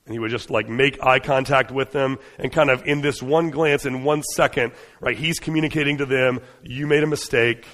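A man's voice: medium pitch, fairly even intonation, normal speed, hardly any pauses, fairly bright tone, in a large hall. A man preaching a sermon in an earnest, conversational way, often restarting his phrases.

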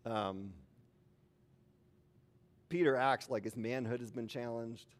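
A man's voice: medium pitch, slow. A man preaching a sermon as a pastor, in an informal, conversational way with asides to the congregation.

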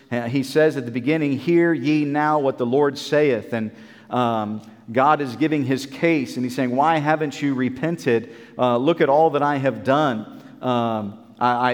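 A man's voice: mid-range voice, in a large hall. A man preaching a Bible sermon in an earnest, repetitive way, with many fillers and restarts.

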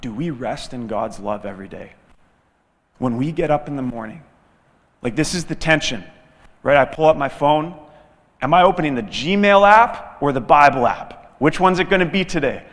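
A man preaching a sermon as guest pastor, telling a story with lively delivery and acting out the quoted dialogue. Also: on the high side, normal speed, big-room sound.

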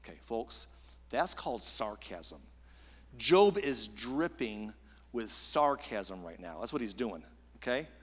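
A pastor preaching a sermon in a conversational, emphatic way, using rhetorical questions. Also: male voice, lowish voice, big pitch swings, takes it slowly. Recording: long hall reverb.

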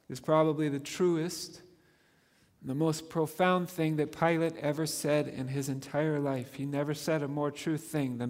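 Man, pastor, sermon, emphatic, fairly high voice, long church-hall reverb. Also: steady tone, unhurried, a little mellow. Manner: earnest, emphatic, rises on key words.

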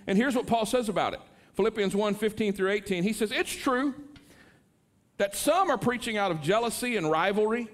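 Middle-aged male pastor with a high voice, earnest sermon delivery that climbs into passionate pleading. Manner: earnest preaching, rising to impassioned pleas.

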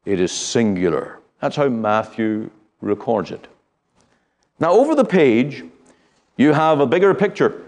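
A middle-aged man from the United Kingdom teaching a Bible study, speaking in an earnest, measured way with frequent pauses and fillers. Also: medium pitch, very animated, a little mellow.

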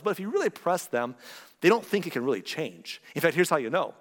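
A man preaching a conversational sermon as pastor, animated and playful, with joking asides and quick impressions of other people. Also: a little high. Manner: animated, joking asides, acts out quoted voices. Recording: long reverb of a large hall.

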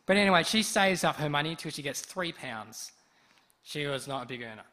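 A man preaching a sermon, telling a story in a lively way and acting out the people in it. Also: a little high, a little fast. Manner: lively storyteller who acts out quoted speech.

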